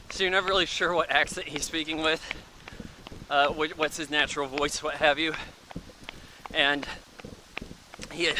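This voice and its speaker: Bright, rambling male film reviewer. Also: a little high, slight background noise, rough recording. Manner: rambling, loose and offhand. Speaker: movie reviewer. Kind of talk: casual spoken film review.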